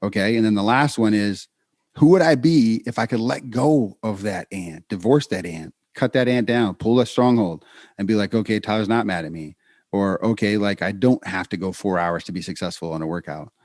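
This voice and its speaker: A man's voice: on the low side, no echo, clean studio sound. A man co-hosting a podcast in casual chat, telling stories with many restarts. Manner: storytelling, animated, quick restarts. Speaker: podcast co-host.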